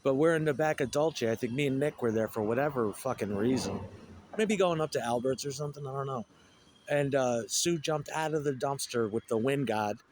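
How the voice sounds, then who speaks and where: Man, mid pitch, rambling profane storyteller, faint hiss behind. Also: brisk, a little mellow. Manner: profane, digressive, wry storytelling. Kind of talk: rambling casual monologue.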